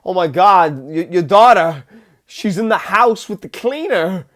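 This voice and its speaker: A man doing an impression of a famous actor as an oddly urgent psychic, with halting, dramatic pauses. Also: sits high, animated, a bit bright, pitched above the performer's own voice.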